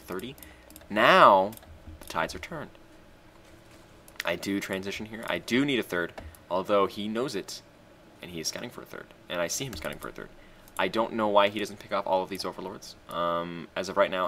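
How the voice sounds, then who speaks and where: A man casually commentating a strategy game he played, excitable and profane, often bursting into loud shouts. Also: sits low, slight background noise. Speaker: gamer commentating his own match.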